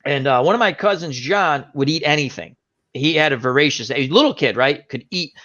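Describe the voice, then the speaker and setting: A man hosting a casual chat, telling an animated anecdote and acting out the voices of the people in it. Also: fairly high pitch, a little fast. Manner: animated anecdote teller, acts out quoted voices. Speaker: host. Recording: dull lo-fi stream audio.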